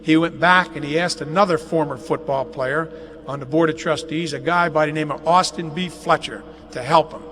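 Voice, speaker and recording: Speaking at a moderate pace with fairly even intonation, an older man with a fairly high, slightly bright voice tells folksy, funny anecdotes at a dedication ceremony in a large athletic facility. Faint noise and long hall reverb run through the live webcast.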